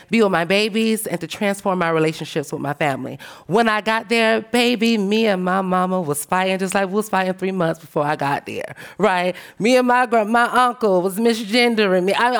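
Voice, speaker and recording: Smooth-voiced woman telling a lively story. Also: medium pitch. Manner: animated, emphatic storytelling; frank and profane, calls listeners "baby". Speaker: panelist. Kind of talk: panel discussion talk.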